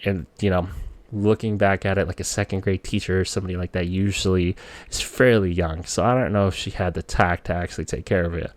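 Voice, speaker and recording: A man with a low voice, from the Philippines, tells a story from his own life in a casual, chatty way. The recording is dry and close, with no room sound. When he quotes himself as a child, his voice leaps up high. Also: a little fast, no echo. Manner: relaxed conversational, voice jumps high when quoting his child self.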